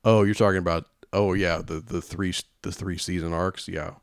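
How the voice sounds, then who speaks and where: Low-voiced laid-back co-host man. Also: steady tone, normal speed, smooth, dry recording, clean studio sound. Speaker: podcast co-host. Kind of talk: casual podcast chat.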